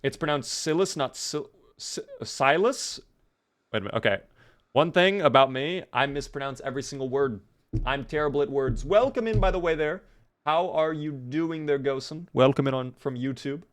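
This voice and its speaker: A man's voice: mid-range voice, a little fast. A man streaming a game live, chatting playfully with his viewers and thanking them as he plays. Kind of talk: live gameplay commentary.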